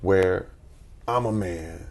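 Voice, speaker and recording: A man in his forties, a guest in an interview, telling personal stories in an animated way and acting out quotes with big jumps in his voice. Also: sits low, slow, slight background noise. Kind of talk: conversational storytelling.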